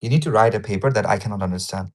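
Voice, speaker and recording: Low-voiced man rambling on a livestream. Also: rapid-fire. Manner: rambling, repeats words, swears casually. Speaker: livestreamer reading a paper. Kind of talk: casual livestream commentary.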